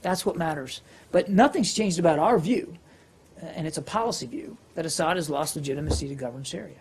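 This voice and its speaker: A man's voice: fairly high pitch, animated, fairly quick, husky. A man briefing reporters as a government spokesperson, answering questions with many fillers and restarts.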